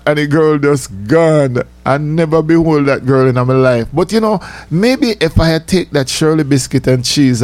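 A man's voice: mid-range voice, fairly even intonation, normal speed, a little mellow, no echo. Chuckling older man telling stories. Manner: chatty, laughing, repeats himself, says "you know" often. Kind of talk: casual anecdote storytelling.

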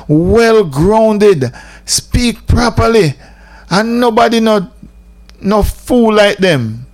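A man with a Jamaican accent, a radio host giving an emphatic casual monologue that mixes patois with English. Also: high voice.

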